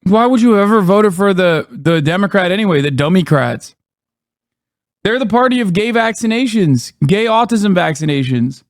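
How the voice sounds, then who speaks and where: A man's voice: high-pitched, lively intonation, moderate pace, no room sound, studio quality. A man live-streaming, ranting in blunt, profane casual commentary and mocking what he reacts to.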